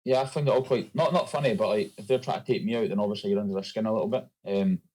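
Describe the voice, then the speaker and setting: A man's voice: lowish voice, steady tone, very fast, darkish tone, rough recording. A young Scottish man, a rugby player, chatting loosely as a guest with many fillers. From Scotland. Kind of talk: casual interview chat.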